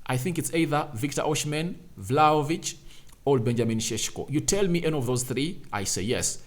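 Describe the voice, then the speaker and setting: A man's voice: on the high side, moderate pace. A man hosting a fan channel, giving opinionated football commentary with emphatic rhetorical questions and repeated phrases.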